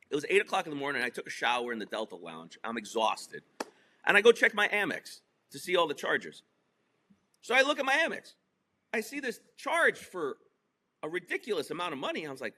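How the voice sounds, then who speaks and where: Animated, bright-voiced middle-aged man. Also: mid-range voice. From New Jersey / New York. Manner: animated, profane, emphatic storytelling. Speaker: podcast guest. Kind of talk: casual storytelling interview.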